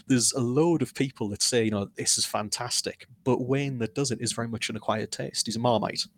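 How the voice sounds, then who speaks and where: A man's voice: mid-range voice, quick pace, a little hiss or hum. A man, speaking as an author guest in a casual interview, candid and self-deprecating as he tells his story.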